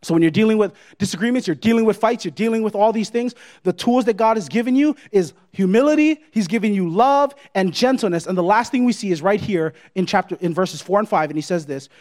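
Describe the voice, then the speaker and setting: A man with a notably high voice preaches a sermon. He talks emphatically, hammering points through repetition and constantly checking in with his listeners. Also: fast talker, hardly any pauses, darkish tone. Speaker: pastor.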